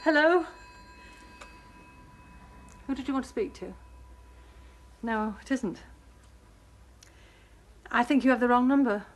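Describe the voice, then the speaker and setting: A woman's voice: a little high, slow pace, long pauses, a little hiss or hum. An actress playing a flustered mother anxiously waiting by the phone in a television soap, fretful and short with people. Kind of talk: 1980s television soap acting.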